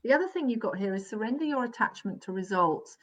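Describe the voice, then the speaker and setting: A woman giving a live psychic reading, gentle and reassuring, often checking in and laughing softly. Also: fairly high pitch, lively intonation, fast. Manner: gentle, reassuring, keeps checking in with "all right?" and "okay?"; laughs softly between sentences. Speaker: psychic medium. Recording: dull, lo-fi live stream audio.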